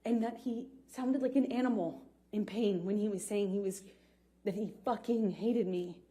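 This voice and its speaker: A woman testifying as a witness in court, speaking haltingly with frequent pauses and restarts. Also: mid-range voice, warm tone, husky.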